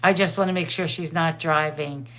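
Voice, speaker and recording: A middle-aged woman hosting a show, chatting casually and excitedly, laughing often. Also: deep voice, moderate pace. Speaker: host. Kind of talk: casual chat.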